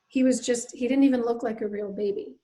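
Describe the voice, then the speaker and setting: A woman's voice: fairly high pitch, steady tone, fairly quick. Earnest, reflective woman telling her story. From Nova Scotia, Canada. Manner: reflective, earnest, trailing into soft asides. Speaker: guest, writer. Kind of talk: candid personal storytelling.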